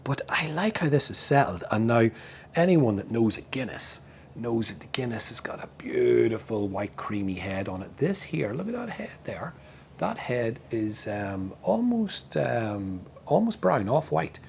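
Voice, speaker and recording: A man's voice: on the low side, gravelly, a little hiss or hum. A middle-aged man with a Northern Irish accent, chatting casually and laughing as he reviews a beer outdoors in his backyard. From Northern Ireland.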